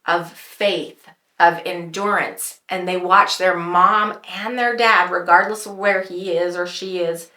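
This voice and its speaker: A woman's voice: lowish voice, fairly even intonation, slow pace, hardly any pauses, bright, forceful tone. A woman hosting a faith podcast, speaking with emphatic conviction. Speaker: podcast host. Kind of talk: casual faith talk. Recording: roomy echo.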